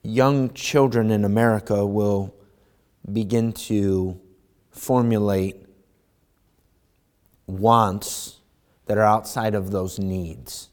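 A male pastor preaching to his congregation in a loose, conversational way. He swings between quiet asides and loud, animated stretches, pushing his pitch up when he acts out a scene. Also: takes it slowly, pauses often. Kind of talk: sermon. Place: church sanctuary.

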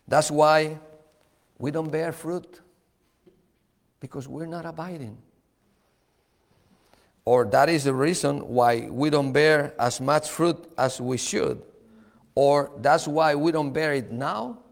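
Slow-preaching man in a reverberant hall. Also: fairly high pitch. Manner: slow, repetitive, emphatic preaching with small chuckles. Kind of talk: sermon.

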